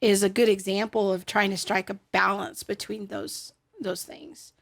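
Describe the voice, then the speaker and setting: A woman's voice: medium pitch, steady tone, normal speed, creaky. Thoughtful middle-aged woman co-host. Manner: thoughtful, explanatory, with frequent fillers. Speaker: podcast co-host. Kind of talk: casual faith podcast chat.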